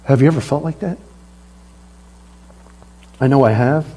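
A man preaching a sermon in a church, animated, acting out the voices of biblical figures. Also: medium pitch, measured pace, breathy edge. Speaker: pastor. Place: church sanctuary.

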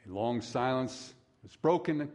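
A man's voice: medium pitch, expressive, a little slow, darkish tone. A middle-aged man preaching a sermon as a pastor, folksy and conversational, with asides to the congregation.

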